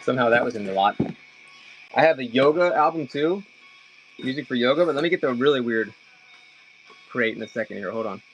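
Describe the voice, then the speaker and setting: A man's voice: mid-range voice, expressive, a little fast, pauses often, highs cut off. A man chatting casually with viewers during a live auction stream, rambling and addressing them by name.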